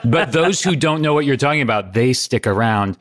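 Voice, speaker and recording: A middle-aged man co-hosting a comedy podcast, playing along with jokes in a dry, deadpan way. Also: mid-range voice, fairly quick. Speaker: podcast co-host.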